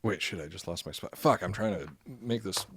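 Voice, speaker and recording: A man's voice: low-pitched, brisk, fairly bright tone, slight background noise. A man hosting a podcast, reading from notes with lots of swearing and joking. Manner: profane, jokey, often laughing. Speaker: podcast host.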